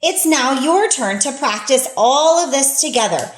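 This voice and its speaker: Lively-voiced woman teacher. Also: high-pitched, unhurried. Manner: patient, encouraging, explains step by step. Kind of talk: reading-skills lesson for children.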